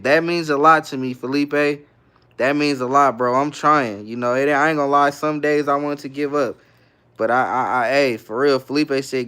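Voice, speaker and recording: A man's voice: medium pitch, fairly bright tone, clear, resonant tone. A young man from the Bay Area hosting a livestream in a laid-back, slangy way, reading viewer comments aloud and answering each one. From San Francisco Bay Area, California. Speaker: livestream host. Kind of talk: casual live-stream chat, reading viewer comments aloud.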